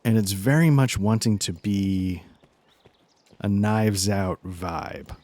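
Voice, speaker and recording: Give me a low-voiced man casually rambling through game commentary, with self-deprecating asides. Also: slow, a little mellow, no room sound. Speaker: let's play host. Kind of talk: casual commentary while gaming.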